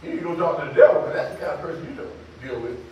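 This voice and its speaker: An older man preaching a sermon as pastor, in a folksy call-and-response way that breaks into shouts. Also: on the high side, huge pitch swings, very fast, muffled recording, slight background noise. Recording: echoey hall from far off.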